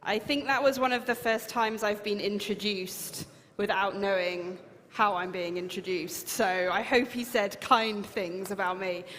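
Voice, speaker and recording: A woman's voice: mid-range voice, steady tone, measured pace, fairly bright tone, slight background noise. British woman giving a keynote in a hall. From United Kingdom. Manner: chatty, self-deprecating, emphatic. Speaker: keynote speaker. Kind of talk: conference talk. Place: large conference hall. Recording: long hall reverb.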